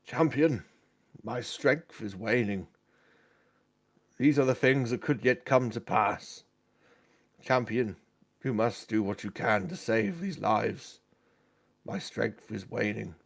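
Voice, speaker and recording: A man giving voice to a fading male god in a tabletop game. His speech is slow and grave, lower and softer than his usual talk. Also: gravelly, full character voice. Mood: solemn. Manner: slow, solemn. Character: weakening male sun god, solemn.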